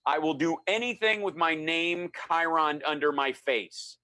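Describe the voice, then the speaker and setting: A middle-aged man telling a story in a relaxed chat, animated and acting out the voices of the people he quotes. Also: fairly high pitch, measured pace, dry recording. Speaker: guest storyteller.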